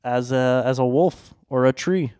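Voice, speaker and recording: A man explaining things patiently on a podcast, teasing and quick to laugh. His voice is mid-pitched and recorded dry and close, with no room sound. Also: mellow, clear, resonant tone, dry recording. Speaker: podcast co-host. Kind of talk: casual chat.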